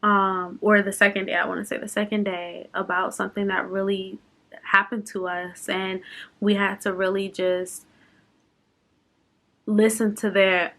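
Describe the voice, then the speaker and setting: A woman's voice: medium pitch, little pitch movement, a little slow, sharp tone. A young woman chatting unscripted in a personal vlog, open and emotional, laughing and fighting back tears at times. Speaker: vlogger.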